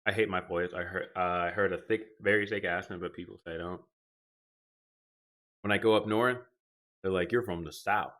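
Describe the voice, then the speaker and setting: A man's voice: deep voice, steady tone, moderate pace, pauses often, a bit bright. A young man chatting casually with his viewers on a live stream, rambling and reading out their comments from a desk mic in his home gaming setup. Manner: rambling, talks to chat and reads out comments. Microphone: desk microphone.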